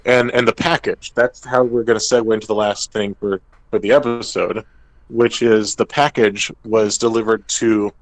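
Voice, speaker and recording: Low-voiced man recapping a game session. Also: dry recording, rough recording. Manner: storytelling, acting out characters' lines briefly. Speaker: podcast co-host and game master. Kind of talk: casual recap of a tabletop game.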